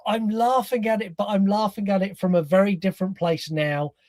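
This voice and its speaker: A man's voice: high voice, a little fast, no echo, clean studio sound. A man co-hosting a podcast, chatting casually about a film and acting out his reactions as he tells it. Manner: animated storyteller, acts out reactions. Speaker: podcast co-host.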